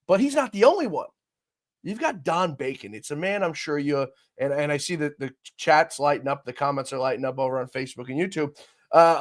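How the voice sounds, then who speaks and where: Male host, slightly high pitch; opinionated commentary, swings from loud to soft, speaks to viewers. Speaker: show host.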